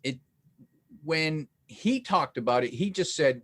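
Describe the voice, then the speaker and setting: Guy hosting an interview, pitch jumps around a lot, bit hesitant with lots of uh's. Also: lively intonation, slow, fairly bright tone. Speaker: interview host.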